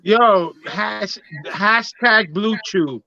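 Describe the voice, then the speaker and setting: High-voiced podcast guy, bright, quick joking comebacks. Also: creaky, dry recording, highs cut off. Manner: quick jokey reactions. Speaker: podcast co-host. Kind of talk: casual sports podcast banter.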